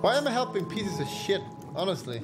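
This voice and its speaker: A man's voice: high-pitched, very animated, a little fast. A man casually commentating his own video game play, joking and swearing to himself. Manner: profane, joking, talks to himself. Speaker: streamer playing a video game. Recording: loud game music behind.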